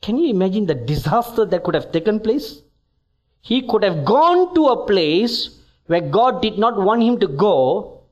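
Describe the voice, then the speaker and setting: Slow, emphatic high-voiced male preacher. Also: big pitch swings, highs cut off. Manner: emphatic, rising to exhortation, deliberate. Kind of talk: sermon.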